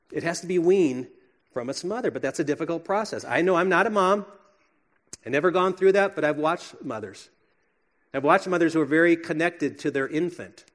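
Pastor preaching a sermon, male, slightly high voice, earnest, alternating hushed and emphatic.

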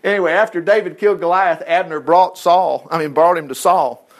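A man leading a casual Bible study, chatty and folksy, breaking off into asides. His voice sits fairly high for a man. He retells scripture in plain, homespun words. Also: fairly even intonation, a little fast. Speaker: Bible teacher.

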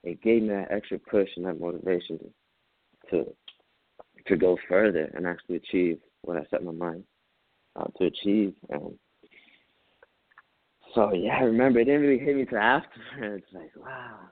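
A man, a Marine veteran, telling a story as an interview guest, animated, acting out his own quotes and laughing often. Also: low-pitched, normal speed, long pauses, narrow, tinny audio. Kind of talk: casual storytelling.

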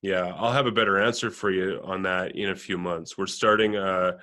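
A man hosting an interview, talking in a relaxed way and telling stories with fillers. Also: sits low, normal speed. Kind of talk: conversational interview.

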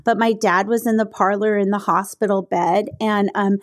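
A woman's voice: mid-range voice, fairly even intonation, normal speed. Earnest woman podcast host telling a story. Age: middle-aged. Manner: earnest, rambling with many fillers. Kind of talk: personal storytelling in conversation.

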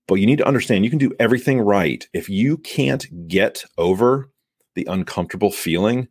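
This low-leaning voice is expressive and brisk, a little mellow with a breathy edge, captured in a clean studio with no echo. The man hosts a sales podcast alone, emphatically coaching listeners and playing out quick exchanges between buyers and sellers.

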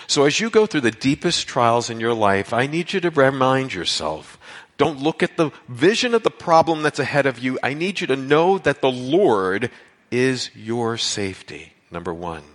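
A man's voice: medium pitch, a bit bright. Man preaching in a reverberant hall. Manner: earnest preaching, rising to emphatic cries. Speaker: pastor. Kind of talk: sermon.

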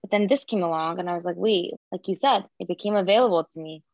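A woman's voice: lowish voice, fast talker, a little mellow, no room sound, muffled recording. A woman guest in a podcast interview who owns a beauty school, talking casually and chattily. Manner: casual, chatty, many "like" fillers.

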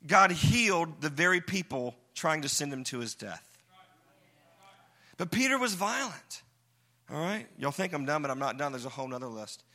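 Man, pastor, sermon, high-pitched, very bright voice, animated and joking. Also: moderate pace. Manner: animated, acts out quoted lines with jokes.

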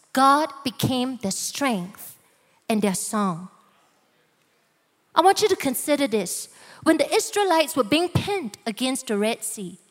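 A woman preacher giving a dramatic sermon, slowing down for emphasis and acting out the voices of people in the story. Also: high-pitched, fairly bright tone, in a large hall. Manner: dramatic, slow emphatic delivery with voiced quotes.

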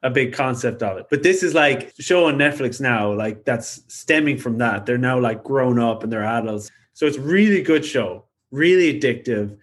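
A man co-hosting a podcast in casual chat, animated and rambling, with lots of filler words. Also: mid-range voice, normal speed, few pauses. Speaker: podcast co-host.

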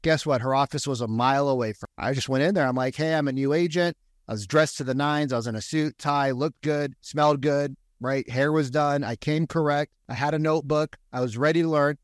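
A man with a fairly high voice tells stories in a casual podcast chat. He is animated and swears freely. The sound is dry and close, with no room echo. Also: fairly quick. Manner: profane, animated storytelling. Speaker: real estate agent, podcast guest.

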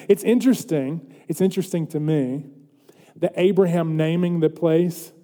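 A man's voice: fairly high pitch, mellow. A man preaching a sermon as pastor, earnest and building to emphatic questions. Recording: long hall reverb.

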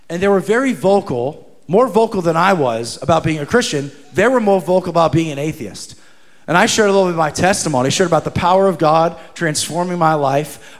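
A man with a high, bright voice preaches in a church sanctuary, and his words ring through a long hall reverb. He swings between loud, emphatic calls and quiet, drawn-out asides, and he acts out the people in his stories. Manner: dynamic preaching, rising to shouts and dropping to hushed asides; acts out quoted voices in conversation. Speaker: pastor. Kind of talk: sermon.

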